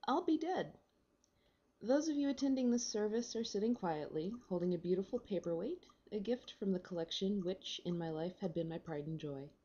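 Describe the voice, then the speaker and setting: Casting: a woman reading aloud, low mellow voice, wry delivery, dull lo-fi home recording. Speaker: reader. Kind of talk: reading a short story aloud.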